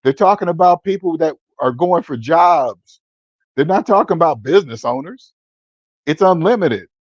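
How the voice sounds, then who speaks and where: A man's voice: on the high side, lively intonation, moderate pace, no room sound, dull audio. A man in his fifties hosting a personal finance channel, talking in a blunt, preachy way and repeating words for emphasis. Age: 50s. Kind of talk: casual livestream-style monologue.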